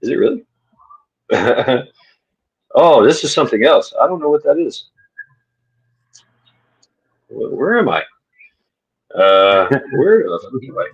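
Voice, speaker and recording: A man's voice: mid-range voice, sing-song, slow pace, vocal fry, long pauses, slightly rough, lo-fi sound. Rambling profane livestream host, a man. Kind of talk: casual livestream chat.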